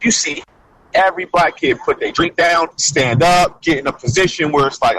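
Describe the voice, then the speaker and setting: A man who is a coach, talking as a podcast guest in casual chat, telling stories in an animated way and saying "like" often. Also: a little high, fairly quick, low-quality recording. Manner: animated storytelling, frequent "like".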